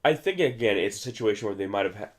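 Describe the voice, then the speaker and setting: A young man talks over an old monster movie in a loose, rambling way, often restarting his sentences. His voice sits very low and deep. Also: lively intonation, fast. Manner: rambling, chatty, many restarts. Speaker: movie commentary co-host. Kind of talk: casual movie commentary.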